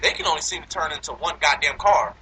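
A man in casual, profane movie review chat, animated and laughing often as he complains. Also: on the high side, fast, poor audio.

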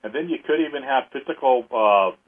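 A man hosting a guided healing session, counting slowly and steadily aloud. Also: medium pitch, lively intonation, husky. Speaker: energy healing host. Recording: phone-like narrow audio.

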